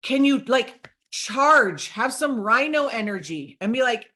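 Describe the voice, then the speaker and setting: A middle-aged woman giving an energetic sales training talk to a group, coaching them and acting out sample chats. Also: a little high, measured pace.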